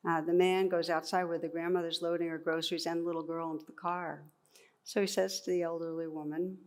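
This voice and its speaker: A woman, a meditation teacher, giving a dharma talk in a reflective, gently humorous way. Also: fairly low pitch, level tone, fairly quick.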